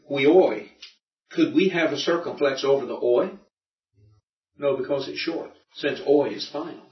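A man's voice: mid-range voice, far from the mic. A man teaching a Greek grammar class, patiently explaining and checking that his students follow. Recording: dull roomy recording from afar.

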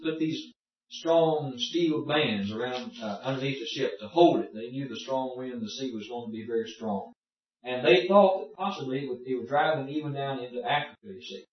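A man teaching an informal Bible study class, explaining in a folksy way and asking the class questions. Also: medium pitch. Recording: echoey room, distant muffled mic.

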